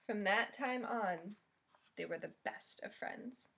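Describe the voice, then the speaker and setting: A woman reading a picture book aloud to children as a librarian, in an expressive, friendly storytime voice. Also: mid-range voice, takes it slowly, creaky.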